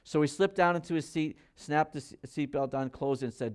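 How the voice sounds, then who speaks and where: A man preaching a sermon, reading scripture aloud with loud, emphatic rises and dropping to quiet, low asides as he explains it. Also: brisk, clear, resonant tone. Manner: reads King James scripture aloud, then explains conversationally. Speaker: pastor.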